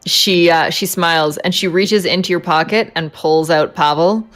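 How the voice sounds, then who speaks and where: A woman narrating a tabletop role-playing game as game master, in halting, filler-heavy speech. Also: fairly low pitch, a bit bright.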